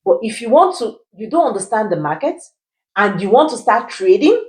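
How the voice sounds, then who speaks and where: A woman with a fairly high voice and big pitch swings explains personal finance at normal speed, asking rhetorical questions she answers herself and often checking in with "right?". The explainer video's recording is rough.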